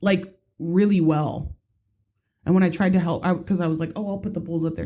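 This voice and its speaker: A woman's voice: lowish voice, steady tone, fairly quick, mellow. A woman in her thirties, a podcast co-host telling family stories in casual chat and swearing freely. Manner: chatty storyteller, swears casually.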